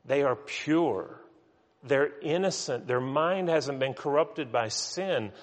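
A man's voice: medium pitch, takes it slowly, in a large hall. A man preaching a sermon with earnest emphasis, often restarting his words. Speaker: pastor.

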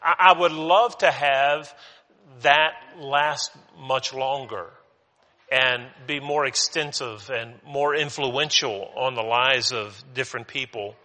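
A man's voice: mid-range voice, slow, sharp tone. A man preaching a sermon, telling a parable in an earnest way with restarts and repeated words. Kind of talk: sermon with a told story. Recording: long hall reverb.

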